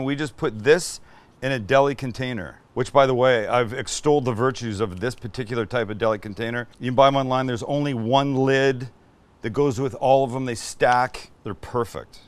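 A man's voice: mid-range voice, moderate pace. A middle-aged man hosting a cooking show in casual, enthusiastic chat, full of exclamations as he cooks.

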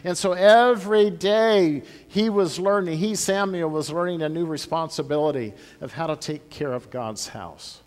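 A pastor telling a Bible story to children, his fairly high voice swinging from soft to loud as he tells it. He speaks in a church sanctuary, and a long hall reverb follows his words. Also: moderate pace, few pauses. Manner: animated storytelling with big swings in loudness.

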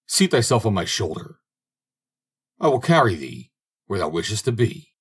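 A man voicing a huge, gruff forest giant who blusters and bargains in old-fashioned speech, read for a fairy-tale audiobook. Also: on the low side, big pitch swings, normal speed. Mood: placating. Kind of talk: audiobook character reading.

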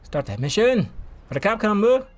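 A young male gaming streamer talking through his play, excitable and constantly swearing. His pitch swings wildly and sits a little high, and he breaks into sudden yelps. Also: moderate pace. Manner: excitable, profane, yelping outbursts. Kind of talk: casual gameplay commentary.

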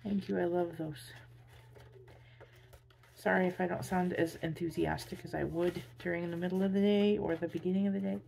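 A tired woman chatting casually while unboxing gifts, gushing with excitable squeals over cute things. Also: fairly low pitch, moderate pace, gravelly. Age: adult with a son. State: tired, drained. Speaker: vlogger.

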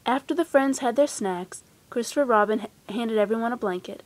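A woman's voice: a little high, a little fast. Woman reading a children's storybook. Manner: gentle, expressive. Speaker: storybook reader. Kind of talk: children's storybook read-aloud.

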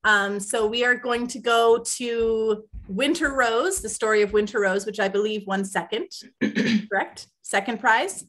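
Host with a bright, high voice; casual, quick to reorganize. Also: female voice. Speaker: event host. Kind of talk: casual spoken moderation.

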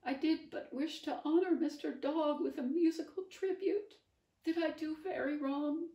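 A woman voicing a weepy, earnest male character with high, quavering, formal speech. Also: unhurried, warm tone, echoey room. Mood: tearful. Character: weepy, old-fashioned male clone, earnest.

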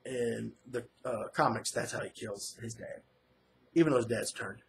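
A man's voice: medium pitch, moderate pace, creaky, slight background noise. A man giving a casual, rambling recap of a comic book issue as a reviewer, full of fillers and restarts. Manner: rambling, filler-heavy retelling. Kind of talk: casual first-reaction recap.

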